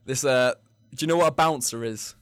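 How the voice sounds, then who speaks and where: A man's voice: mid-range voice, a little fast, smooth, dry recording. A young man with an English accent rambles through a drinking story, breaking into laughter as he goes. His voice sits in a middling register. The sound is dry and close to the mic, with no room around it. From England. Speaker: podcast co-host. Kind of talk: casual chat.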